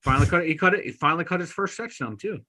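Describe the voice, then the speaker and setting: A man with a Pittsburgh accent co-hosting a podcast, bantering excitedly about sports with jokes, swearing and rambling restarts. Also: fairly high pitch, very fast. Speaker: podcast co-host.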